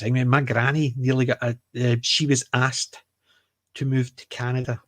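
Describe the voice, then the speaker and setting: In a casual podcast conversation, a Glaswegian co-host from Scotland rambles along, cracking jokes and self-correcting as he begins his sentences again. His voice sits in the mid-range, with no room sound.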